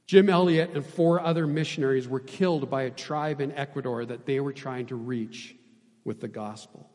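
A man preaching a sermon as pastor, impassioned, swinging between loud emphasis and hushed, quiet passages. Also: mid-range voice, moderate pace, big-room sound.

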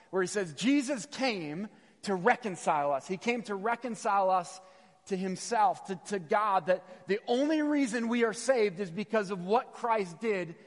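A man in his thirties giving a sermon with personal stories, animated and repeating phrases for emphasis, sometimes stumbling over words. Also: high voice. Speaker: missionary preacher. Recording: long hall reverb.

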